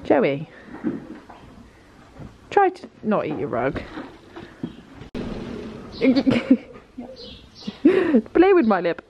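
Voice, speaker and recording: A young woman talks excitedly and rambles in a casual vlog, her voice sitting a little high. The sound is dull and lo-fi. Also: very slow, long pauses, noisy background. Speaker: vlogger and dressage rider.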